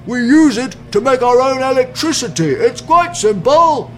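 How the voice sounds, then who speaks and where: A man voicing a jolly, proud old Father Christmas in a storybook reading, slow, hearty and theatrical with a gravelly edge. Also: a little high, sing-song, slight background noise, pitched above the performer's own voice, full character voice. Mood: shouting proudly.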